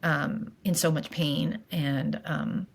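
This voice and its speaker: A middle-aged woman speaking as a podcast guest in a candid conversation about grief, halting with fillers and restarts, openly emotional and earnest. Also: low-pitched, fairly even intonation, creaky, slightly rough.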